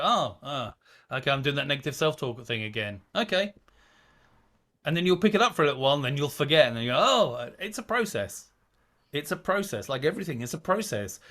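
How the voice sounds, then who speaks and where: Man, guest speaker, casual video call, chatty, rambling, fairly high pitch. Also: fairly bright tone. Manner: chatty, digressive, acts out quoted inner voices.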